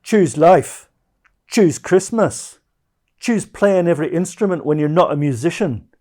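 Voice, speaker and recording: A man's voice: on the high side, expressive, unhurried, mellow, voice pushed up. A man putting on a shaky Scottish accent to play a scornful man ranting through a bitter monologue. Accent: put-on Scottish. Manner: declamatory, scornful listing rant.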